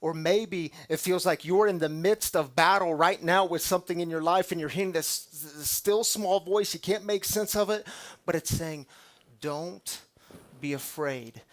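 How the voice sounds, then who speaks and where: Male pastor, fairly high voice, chatty sermon style with sudden quiet moments. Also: steady tone, moderate pace. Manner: dramatic shifts from loud to hushed; conversational, calls the audience y'all.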